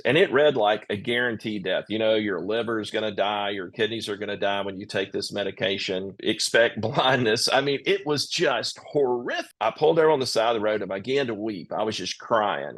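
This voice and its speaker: A man's voice: fairly low pitch, a little fast, hardly any pauses, a bit bright, breathy edge. A middle-aged man, a podcast guest, telling a personal story in an emotional, folksy way and acting out what others said. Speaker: podcast guest, company CEO.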